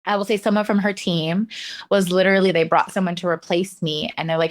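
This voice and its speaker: A woman with a lowish voice, speaking as a guest in a relaxed interview. She tells her stories in an animated way, breaking into laughs and acting out the voices of people she quotes. She talks like a seasoned professional dancer. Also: a little fast. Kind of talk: casual interview storytelling.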